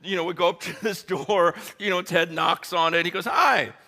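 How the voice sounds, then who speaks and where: A man preaching a humorous sermon story, animated and laughing often, speaking straight to his audience. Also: high-pitched, brisk. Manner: addresses the audience directly.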